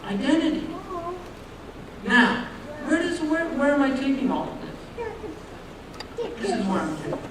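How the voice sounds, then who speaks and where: A man's voice: very high voice, very animated, moderate pace, long pauses. An American man from the New York area giving a humorous public lecture, talking conversationally with joking asides and rhetorical questions. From United States, New York area. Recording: very echoey hall, voice from far off, noisy.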